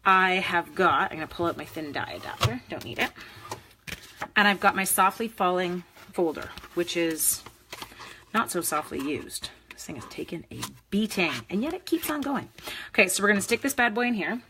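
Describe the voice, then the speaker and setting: A woman's voice: on the low side, normal speed, background noise. A woman hosting a live card-making demo, chatting with viewers by name as she works. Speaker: crafting demonstrator.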